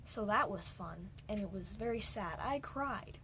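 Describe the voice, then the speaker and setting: A woman's voice: medium pitch, expressive, unhurried. Young woman, casual film recap, rambling, whispered asides, faint hiss behind. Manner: rambling, jumps between points, drops into whispered asides. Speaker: movie reviewer. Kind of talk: casual movie recap vlog.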